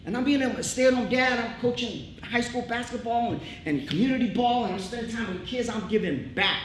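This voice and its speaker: A middle-aged man speaks from a theatre stage in a casual, heartfelt way, hammering his points with repetition. The hall rings with echo, and a steady live-room noise sits under him. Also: very high voice, brisk. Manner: emphatic, repetitive, casual street talk. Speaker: speaker at a tribute show.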